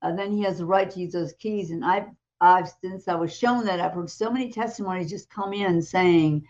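A woman co-hosting a talk show, retelling a testimony in a lively way and acting out the voices in it. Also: fairly low pitch, normal speed, lo-fi sound. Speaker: co-host. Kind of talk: animated testimony storytelling.

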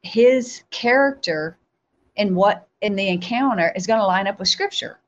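A woman, a guest on a show, telling a spiritual testimony in an animated storytelling way, acting out her own replies. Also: mid-range voice, moderate pace, lo-fi sound.

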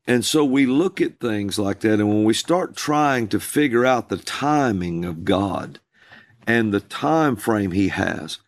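A man, a minister, telling a personal story in conversation, slow and drawn out. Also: lively intonation. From USA. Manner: slow, drawn-out storytelling with calls acted out in a high voice.

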